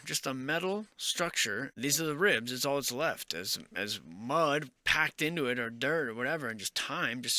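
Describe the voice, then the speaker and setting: Man, casual musing vlog, rambling and speculative, very bright crisp voice. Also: medium pitch, dry recording, clean studio sound. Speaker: vlogger.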